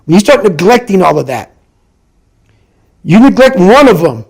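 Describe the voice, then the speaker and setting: A middle-aged man giving an intense motivational talk as a podcast guest, forceful and repetitive in his emphasis. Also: high voice, big pitch swings, moderate pace.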